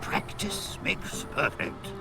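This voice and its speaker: A man voicing an elderly, kindly lab master in a video game, with a classic creaky old-man voice and a stately, formal delivery. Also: slow pace, music in the background, natural voice. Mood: reassuring.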